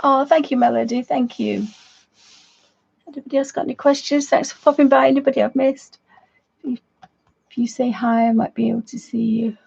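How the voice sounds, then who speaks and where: A woman's voice: sits high, fairly even intonation, a little fast, vocal fry, long pauses, darkish tone, slightly rough, highs cut off. A woman hosting a casual live painting lesson, chatting to viewers with friendly asides and frequent restarts. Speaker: art tutor, livestream host. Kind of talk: casual live craft demonstration.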